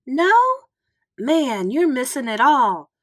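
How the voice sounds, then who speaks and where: A fourth-grade boy puts on a breezy, swaggering cool to seem tough, voiced by a woman reading aloud. His lines bounce with a lively lilt, pitched a touch high, in a storybook telling. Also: takes it slowly, heavily acted. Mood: bragging.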